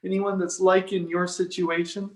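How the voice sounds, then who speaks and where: A man's voice: sits high, flat delivery, normal speed. A man, a personal trainer hosting the chat, speaking in an earnest, encouraging way. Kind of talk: casual video call chat. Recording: echoey room.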